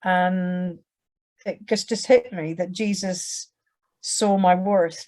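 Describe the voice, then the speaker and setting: Lower-pitched English woman telling her story. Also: darkish tone. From England. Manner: conversational, acts out quoted voices, frequent restarts. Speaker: churchgoer sharing her testimony. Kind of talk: personal testimony told to an audience.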